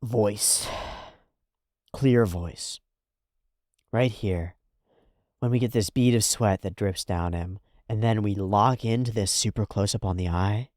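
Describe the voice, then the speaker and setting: A man hosting a reaction video, talking casually and animatedly, swearing freely and swinging between loud outbursts and hushed asides. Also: fairly low pitch, normal speed, few pauses, dry recording, clean studio sound.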